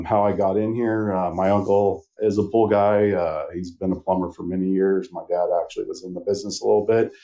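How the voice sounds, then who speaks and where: A man's voice: low voice, mellow, muffled recording. A middle-aged man from Northern California, a sales rep guest on a podcast, chatting casually and telling a rambling story with plenty of fillers.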